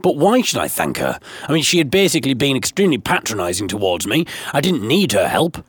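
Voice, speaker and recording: A man narrating a comic story with dry sarcasm, a slightly husky voice and lively, expressive pitch. The recording is close and dry with no room sound. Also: fairly quick, no echo. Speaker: narrator and host of a comic series. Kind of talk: comic first-person storytelling.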